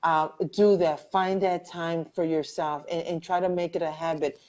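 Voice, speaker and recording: A middle-aged woman hosts a live video interview, her voice pitched a little low and dulled by lo-fi livestream audio. She tells her story in animated, rushing bursts and earnestly encourages her guest. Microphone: webcam or phone on a video call.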